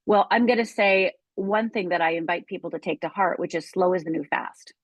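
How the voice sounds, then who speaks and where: Woman, middle-aged, low voice, candid interview guest, dry close sound. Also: fairly quick, dry recording. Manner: earnest, vivid retelling with acted-out quotes. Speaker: guest, life coach.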